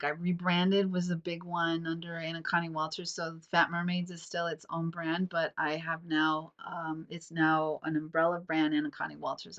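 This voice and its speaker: A woman's voice: deep voice, fairly bright tone. A young woman with a stuffy nose hosting a casual solo podcast at home, rambling and chatty with many fillers. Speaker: podcast host. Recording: dull lo-fi sound.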